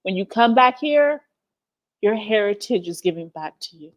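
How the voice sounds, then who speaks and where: A woman's voice: mid-range voice, expressive, normal speed. A woman from the United States, hosting a livestream in passionate, profane talk full of emphatic repetition, teary-eyed. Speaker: livestream host.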